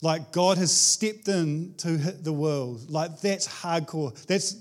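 Pastor, male, high voice, casual and enthusiastic preaching style, chatty and informal. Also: slow pace. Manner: enthusiastic, conversational, many restarts and "like". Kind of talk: casual sermon.

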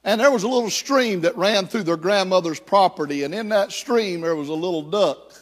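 A man's voice: high-pitched, moderate pace. A male pastor telling a story and then preaching and praying in a sermon. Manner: storytelling, then fervent and prayerful. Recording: echoey hall.

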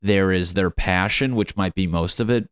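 A man's voice: low-pitched, normal speed, clean tone, no room sound. A man hosting his own show, ranting in a rambling, profane, mocking way on his lunch break. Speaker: podcast host. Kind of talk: casual comedic rant.

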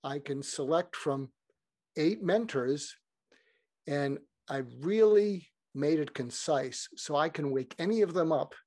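Brief: chatty male podcast guest, slightly high voice, dry close recording, wandering delivery. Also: expressive, slow pace, a little mellow, no room sound. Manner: meandering, frequent restarts. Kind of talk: casual rambling storytelling.

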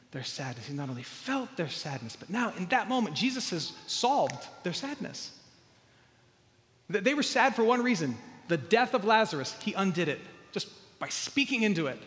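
A man's voice: high voice, fairly bright tone, in a large hall. A man preaching a sermon, earnest, often repeating words and building to emphatic peaks. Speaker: pastor.

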